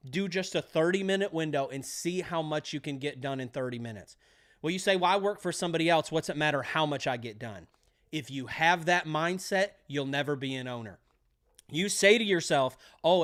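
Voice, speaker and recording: A man coaching electricians for their exam, energetic and pep-talking, repeating key phrases. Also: on the high side. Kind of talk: motivational trade lesson.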